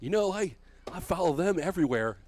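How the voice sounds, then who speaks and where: A man voicing an overexcited church brother who gushes in loud, drawn-out shouts. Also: high voice, lively intonation, a little hiss or hum, pitched above the performer's own voice. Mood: protesting.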